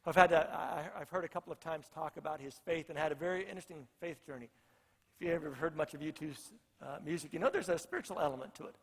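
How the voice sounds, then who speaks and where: A man's voice: on the high side, quick pace, vocal fry, fairly bright tone, slightly rough, long reverb tail. A male pastor preaching a sermon, earnest and repeating phrases for emphasis.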